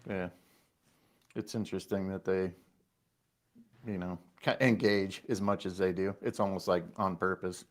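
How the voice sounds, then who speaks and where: A man in a casual panel discussion, musing in a calm, measured way. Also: deep voice. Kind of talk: casual chat.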